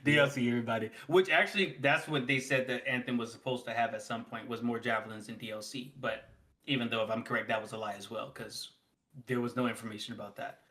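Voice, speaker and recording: A man co-hosting a gaming podcast, talking casually in an animated, rambling way and laughing often. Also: medium pitch, fast. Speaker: podcast co-host.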